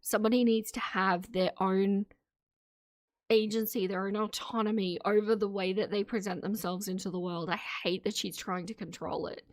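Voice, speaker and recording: A woman's voice: medium pitch, fairly even intonation, moderate pace, dry recording, studio quality. A woman streamer giving casual, opinionated commentary to her live chat, laughing often between remarks. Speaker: streamer reacting to videos.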